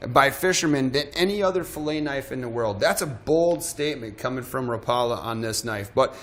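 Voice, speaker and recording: A man's voice: mid-range voice, lively intonation, fairly quick. A man hosting a live shopping show, talking in a chatty, self-deprecating way and often stumbling over his words. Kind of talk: live sales pitch.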